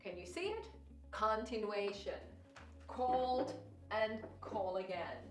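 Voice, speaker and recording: A woman's voice: medium pitch, expressive, slow pace, distant mic, soft background music. Patient woman teacher in an echoey room. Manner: patient, explains step by step with questions to the viewer. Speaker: test prep teacher. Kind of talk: recorded lesson walkthrough.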